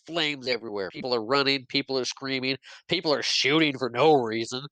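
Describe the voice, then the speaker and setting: A man's voice: medium pitch, brisk, few pauses, sharp tone, no room sound, rough recording. A man on a podcast casually retelling a movie plot, jumping into quoted lines and laughing often. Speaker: podcast co-host recapping a movie. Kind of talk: casual chat.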